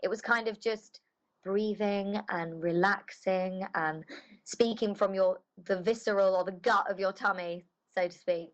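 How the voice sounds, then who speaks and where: A woman's voice: medium pitch, fairly even intonation, a little slow. Chatty woman voice actor, muffled recording. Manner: chatty, loose, lots of "kind of" fillers. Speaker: voice actress guest. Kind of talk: casual interview chat.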